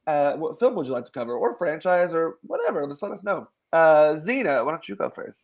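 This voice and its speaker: Male podcast host, casual and giggly, with an expressive up-and-down delivery. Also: on the high side, a little fast. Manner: animated, laughing, quotes himself in voices. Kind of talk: casual chat.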